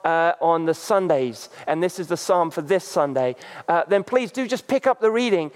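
Male pastor, sermon, halting delivery full of fillers, high voice, long reverb. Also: animated.

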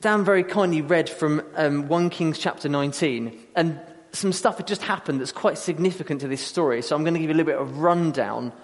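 Lively preacher in a reverberant hall. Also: male voice, on the high side, brisk, hardly any pauses. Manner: lively storytelling, acting out quotes. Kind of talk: sermon.

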